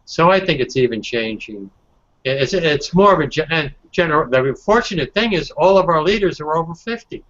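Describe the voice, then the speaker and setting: A man who is a guest on a panel, chatting casually in a halting way with many restarts. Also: a little high, animated, fairly bright tone. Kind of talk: casual chat. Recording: dull lo-fi sound.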